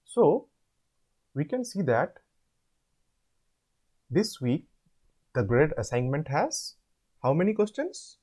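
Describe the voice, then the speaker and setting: A man explaining an assignment step by step. He asks questions and answers them himself, and repeats words slowly to show how they are said. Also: a little high, darkish tone, breathy edge. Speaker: online tutor.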